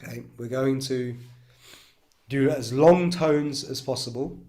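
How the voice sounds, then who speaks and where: A man's voice: mid-range voice, a little slow. A man guides a breathwork and chanting practice in an easy, reassuring way. He demonstrates the tones himself between his explanations. He keeps checking in with his listeners as he goes. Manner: calm coaching with frequent "okay?" and "right?" check-ins. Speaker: breathwork coach.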